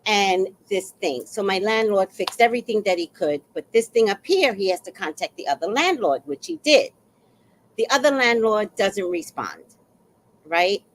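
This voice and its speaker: A woman with a medium-pitched voice tells a personal story in a casual monologue at normal speed, animatedly acting out the exchanges she describes. The recording is low quality, with a little hiss or hum.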